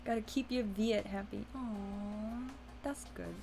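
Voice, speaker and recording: A woman's voice: medium pitch, fairly even intonation, slow, creaky, dark tone. A young adult woman streaming, chatting casually and reading a story game aloud, swearing now and then and talking to her chat. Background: faint music.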